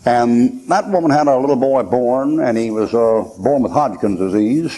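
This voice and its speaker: A pastor, an older man, preaches through homespun personal stories, acting out the voices of those he quotes. His medium-pitched voice has a warm tone and moves at a normal speed.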